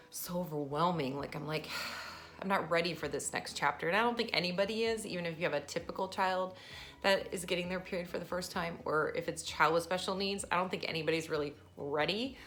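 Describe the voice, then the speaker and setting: A woman's voice: on the low side, brisk, fairly bright tone. A woman in her thirties vlogging casually about her daughter, chatty and emotional, often breaking into laughter. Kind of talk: casual personal vlog.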